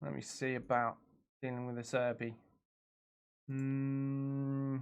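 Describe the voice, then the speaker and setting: A man's voice: mid-range voice, little pitch movement, takes it slowly, clean tone. A young man streaming a video game from his home computer, chatting casually, reacting aloud to the action and reading messages from his viewers. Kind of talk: casual live-stream commentary.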